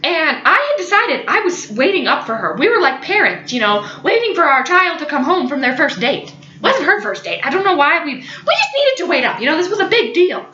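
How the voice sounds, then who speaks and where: A young woman, a college student, telling a funny story in an animated, dramatic way. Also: sits high, a little fast, few pauses, roomy sound, lo-fi sound. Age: young adult. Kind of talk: storytelling vlog.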